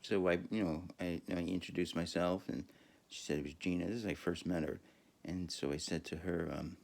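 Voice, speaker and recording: Man podcaster, very low gravelly voice, rambling profane monologue with lots of ums and self-laughs. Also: steady tone, a little fast, a little mellow. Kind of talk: casual monologue storytelling.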